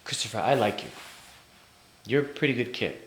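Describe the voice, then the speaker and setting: A man playing a stern female bank manager, speaking quietly and firmly as she lectures an employee. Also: mid-range voice, a little fast, reverberant, lightly acted.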